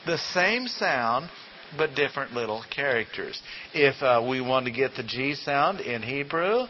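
Bright-voiced folksy male Bible teacher. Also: medium pitch, animated, measured pace. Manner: folksy, quizzes the class with rhetorical questions. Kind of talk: classroom lecture. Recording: dull lo-fi recording with faint hiss.

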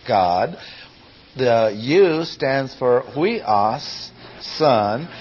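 A man's voice: medium pitch, dull audio, slight background noise. A man teaching a class on Bible Greek, explaining patiently step by step and putting questions to his listeners. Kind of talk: classroom lecture.

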